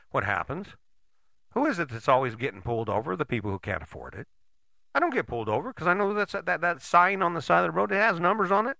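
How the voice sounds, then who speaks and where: A man's voice: mid-range voice, vocal fry, pushed and bright, no echo. An older man giving a casual motivational talk, folksy and blunt, often checking in with "right?".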